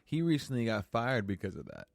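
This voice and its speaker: Man, podcast host, halting speech, lots of fillers, mid pitch, dry sound. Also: wildly swooping pitch, creaky, dry recording. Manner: hesitant, halting, full of fillers and questions. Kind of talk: casual podcast chat.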